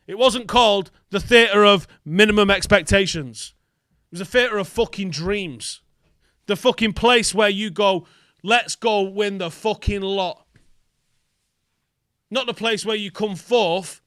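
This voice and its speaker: A man's voice: high-pitched, moderate pace, fairly bright tone, dry recording, studio quality. A young man hosting a football fan vlog, ranting in an angry, sweary, emphatic way. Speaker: football fan channel host.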